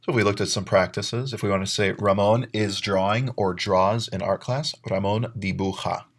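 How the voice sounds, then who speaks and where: Man, Spanish teacher, low voice, recorded grammar lesson, methodical, spells out letters. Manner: methodical, spells out letters and reads example sentences with translations.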